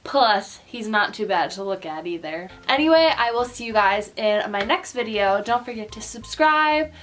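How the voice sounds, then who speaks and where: A woman's voice: a little high, expressive, normal speed, fairly bright tone, a little hiss or hum. A teenage girl vlogging casually at home, gushing and cooing in baby talk. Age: late teens. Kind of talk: casual vlog chat. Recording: echoey room, mic at a distance, music behind.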